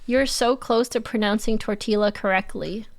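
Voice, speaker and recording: A woman's voice: mid-range voice, moderate pace. A woman from Canada, giving playful live-stream reaction commentary and teasing her chat.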